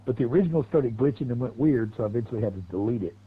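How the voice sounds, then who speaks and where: A middle-aged man hosts a live game stream, rambling in a folksy, laid-back way at a middling pitch. Constant car and engine noise runs under his voice. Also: animated, rapid-fire, phone-quality sound. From Southwest Virginia, USA. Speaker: streamer and race host.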